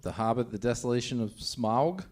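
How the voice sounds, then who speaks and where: Wry man with a lively voice. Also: medium pitch, normal speed. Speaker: comedian guest. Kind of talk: live comedy podcast banter.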